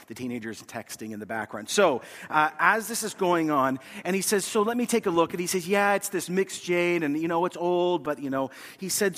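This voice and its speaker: Pastor guy preaching, tells stories and does little voices, kinda high voice, big echoey church. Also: a bit bright. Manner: storytelling, acts out quoted voices. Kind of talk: sermon. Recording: reverberant church hall.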